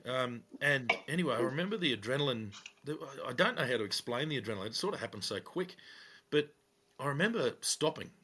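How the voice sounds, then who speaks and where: This former police officer from Australia, middle-aged and co-hosting a podcast, shares a police story in easygoing chat, animatedly acting out quoted lines with a raised voice. His pitch is medium, his pace quick, and there's noise in the background.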